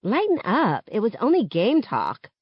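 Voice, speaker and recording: Woman putting on a loud, indignant teen girl. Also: fairly high pitch, wildly swooping pitch, a little slow, slightly rough, no echo, voice pushed up, heavily acted. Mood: dismissive. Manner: loud, incredulous outbursts. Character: blunt, defensive teenage girl teammate. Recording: dull, muffled audio.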